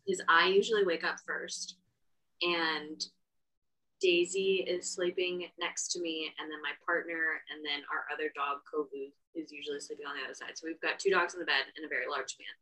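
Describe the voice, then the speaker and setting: A woman's voice: low-pitched, steady tone, normal speed, pushed and bright, recorded from a distance, low-quality recording. A woman co-hosting a podcast, chatting frankly and casually with some swearing. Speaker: podcast co-host. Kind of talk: casual chat.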